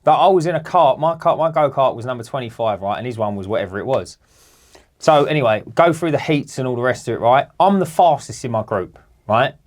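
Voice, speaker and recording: A man, co-hosting a podcast and telling a long story in a lively, sweary way. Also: mid-range voice, fairly quick. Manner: animated, swearing, acts out other people's voices. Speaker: podcast co-host. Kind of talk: casual storytelling.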